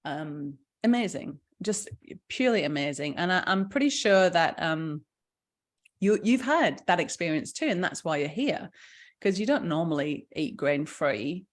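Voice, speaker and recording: A woman's voice: fairly low pitch, lively intonation, measured pace. A middle-aged woman, chatting enthusiastically through a live session as its founder and health coach. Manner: chatty, enthusiastic, with fillers and frequent laughs. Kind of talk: casual live presentation.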